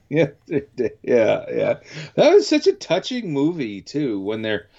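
A man's voice: mid-range voice, wildly swooping pitch, slow pace, creaky, mellow. A Canadian man hosting a radio show, chatting casually and rambling with many restarts. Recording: dull lo-fi sound.

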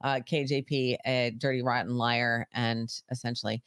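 A man's voice: mid-range voice, level tone, moderate pace, fairly bright tone, smooth, no room sound, studio quality. Wry man chatting on a podcast. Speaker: podcast co-host. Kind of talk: casual political chat.

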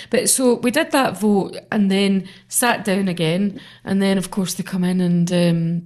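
A woman's voice: medium pitch, fairly even intonation, moderate pace, hardly any pauses, darkish tone. A woman politician chatting in an interview, telling anecdotes animatedly and mimicking other people's voices. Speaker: member of parliament. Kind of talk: casual interview chat.

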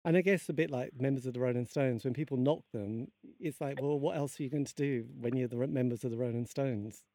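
A man's voice: medium pitch, quick pace, mellow, no room sound. A man from England hosting a radio show, chatty, polite and eager. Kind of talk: radio interview and sign-off.

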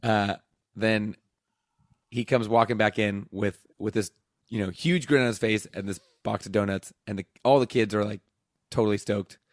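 Laid-back teacher telling a rambling story. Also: male voice, on the low side, steady tone, normal speed, no echo, clean studio sound. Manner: rambling, laughing mid-story, acting out dialogue. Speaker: teacher and podcast host. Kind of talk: casual storytelling chat.

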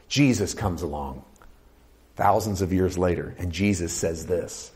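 A man's low, husky voice carries an animated sermon at a measured pace. He alternates loud, urgent passages with hushed ones, voices the people he quotes, and questions the congregation.

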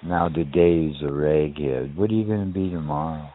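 A man's voice: very deep voice, normal speed. A man calling into a chat line, arguing in a hostile and scornful way, heard over a tinny phone line.

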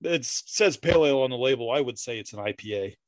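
A man's voice: medium pitch, expressive, fast talker, no echo. A man co-hosting a casual podcast, playful and jokey, tossing in theatrical asides. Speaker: podcast co-host. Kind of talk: casual chat.

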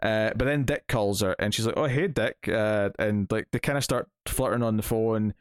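A man's voice: on the low side, moderate pace, clean tone, dry recording, studio quality. A man in his thirties chatting casually about a comic issue, rambling with many restarts and fillers. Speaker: comic book podcast host. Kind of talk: casual chat reviewing a comic.

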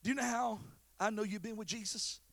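A man pastor preaching a sermon, swinging between shouted exhortation and quiet, confiding storytelling. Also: sits high, steady tone, a little fast, no room sound.

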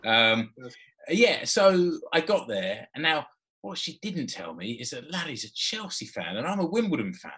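A bright, forceful-sounding man in his forties tells a long personal story on a podcast. His delivery is chatty and relaxed, with frequent laughs and restarts. His pitch sits in an ordinary middle range for a man. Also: moderate pace, slightly rough. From Britain. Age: 40s. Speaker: podcast co-host. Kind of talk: casual storytelling chat.

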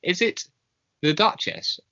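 Bright, teasing podcast co-host. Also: medium pitch, wildly swooping pitch, creaky, muffled recording. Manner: teasing, laughing, quick-witted. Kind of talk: casual comedic chat.

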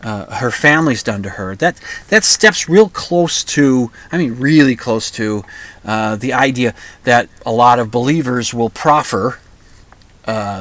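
A middle-aged man from the upper Midwest, hosting his own show in a rambling, halting monologue full of restarts. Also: mid-range voice, a bit bright, no room sound. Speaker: podcast host. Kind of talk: casual monologue.

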